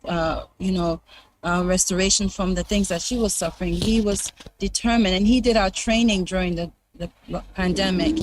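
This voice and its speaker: A woman presenter sharing a ministry testimony in conversational style, animated when she quotes others, with frequent hesitant fillers. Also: medium pitch, slight background noise, poor audio.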